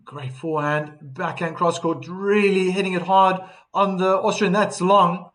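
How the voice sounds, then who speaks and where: A man's voice: high-pitched, steady tone, a little slow, fairly bright tone. A man doing live tennis commentary on a stream, chatting and reading out viewer comments between points.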